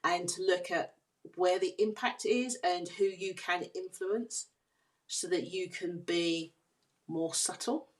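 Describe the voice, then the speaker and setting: Lower-voiced woman explaining steadily. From United Kingdom. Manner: earnest, explanatory, measured. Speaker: guest, leadership consultant. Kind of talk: podcast interview.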